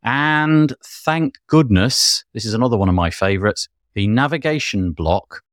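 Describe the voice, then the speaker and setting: A man's voice: mid-range voice, expressive, measured pace, a bit bright, no room sound, clean studio sound. A man hosting a podcast, chatting about tech news in an enthusiastic, rambling way. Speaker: podcast host. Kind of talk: casual tech news chat.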